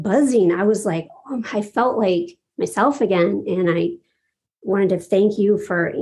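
A woman's voice: mid-range voice, a little mellow, husky. A woman sharing a heartfelt personal story in casual talk, laughing often and acting out her own reactions.

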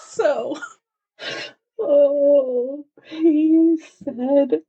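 Tearful high-voiced woman gushing slowly. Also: lively intonation, a little mellow, muffled recording. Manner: tearful and gushing, laughing through sobs. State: crying. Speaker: podcast co-host. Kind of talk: excited fan podcast chat.

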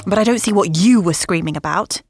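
A woman's voice: medium pitch, a little fast, a little mellow, husky, dry recording, clean studio sound. A woman voicing a stern, exasperated mother scolding her teenage daughter in a raised voice.

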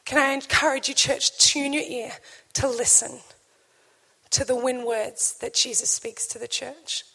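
A woman preaching a sermon to a church, swinging between loud declarations and hushed, slow lines. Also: sits high, steady tone, creaky, husky, in a large hall.

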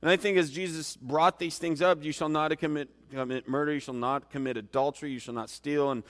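A man's voice: a little high, fairly even intonation, a little fast, big-room sound. A man preaching an informal sermon in a conversational, rambling way, with many restarts and fillers.

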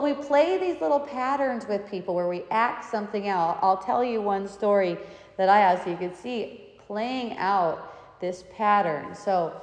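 Chatty woman talking in an echoey hall. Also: medium pitch. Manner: animated and chatty, with frequent restarts and laughs. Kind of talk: reflective spiritual talk with personal anecdotes.

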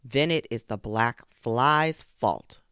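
Storyteller doing a big wise lion, bellowing slow n stern, dry close sound. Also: medium pitch, fairly bright tone, clean tone, dry recording.

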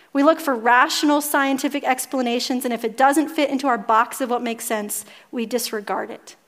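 A woman in her thirties, a pastor preaching a sermon and telling a family story to her congregation in an earnest way. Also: fairly high pitch.

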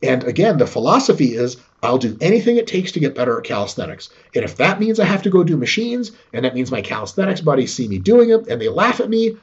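A man talking in a casual podcast chat, swinging his voice up and down as he gets animated. His tone is husky and a little breathy, and he swears freely. The recording has a dull, lo-fi quality. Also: fairly high pitch, quick pace, hardly any pauses. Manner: animated and profane, acts out quoted voices. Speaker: fitness podcast talker.

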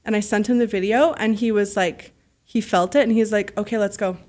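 A woman telling stories as a podcast guest, animated and freely swearing, acting out the voices of people she quotes. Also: medium pitch, fairly quick. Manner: heavy use of "like" fillers. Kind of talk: casual storytelling.

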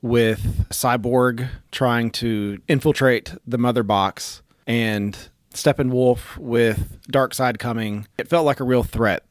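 A man's voice: medium pitch, no room sound, clean studio sound. A man on a casual podcast, talking enthusiastically and filling with "like" a lot. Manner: enthusiastic, uses lots of "like". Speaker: podcast guest.

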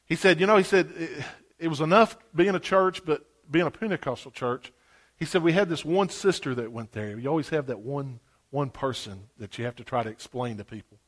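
A high-voiced man preaches a sermon at a brisk pace. His storytelling swings lively, sinking into hushed asides before climbing into loud exclamations.

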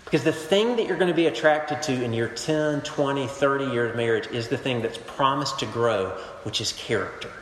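A male pastor preaching a sermon, telling stories with animated swings between emphatic and hushed delivery. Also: mid-range voice, fairly quick, hardly any pauses, a little hiss or hum. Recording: echoey hall with long reverb.

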